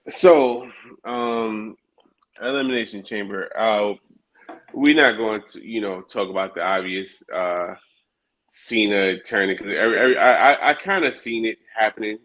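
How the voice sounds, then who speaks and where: A man's voice: on the low side, fairly bright tone. A man co-hosting a casual wrestling chat, rambling with many restarts and fillers. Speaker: podcast co-host.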